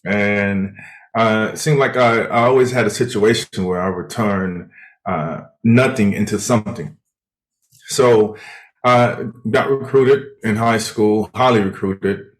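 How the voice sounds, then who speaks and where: A man's voice: fairly low pitch, measured pace. A man guesting on a podcast as a performance mentor, talking casually with lots of fillers and restarts. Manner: hesitant, many fillers and restarts, laughs easily. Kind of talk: casual interview chat.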